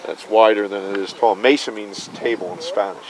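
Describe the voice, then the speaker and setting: A man's voice: fairly low pitch, fairly even intonation, normal speed. A man working as a jeep tour guide, chatting with riders, explaining the landscape and telling stories. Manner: chatty storyteller, explains landmarks. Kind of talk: casual tour commentary. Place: outdoors in an open jeep. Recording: distant, loud engine and wind noise.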